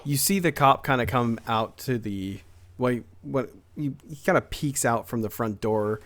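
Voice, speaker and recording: A man's voice: mid-range voice, moderate pace, fairly bright tone. A man running a tabletop game as game master, narrating the scene casually with fillers and restarts.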